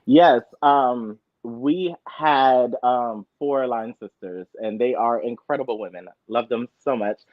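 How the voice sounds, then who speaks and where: A man's voice: mid-range voice, slow pace, hardly any pauses. An earnest man speaking as a guest on a casual panel chat, stressing his points. His voice comes through dry and a little muffled, with no room echo.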